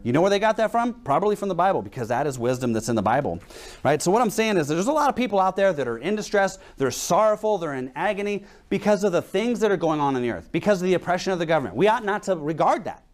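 Lively conversational male preacher. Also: high voice, quick pace. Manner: conversational preaching with anecdotes and rhetorical questions. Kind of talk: sermon.

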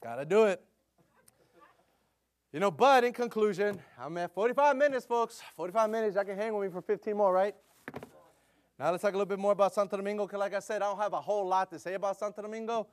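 A middle-aged man preaching a casual sermon, telling stories in a chatty way with lots of "you know" fillers and growing louder when he gets excited. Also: high voice, quick pace. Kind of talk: conversational sermon with storytelling.

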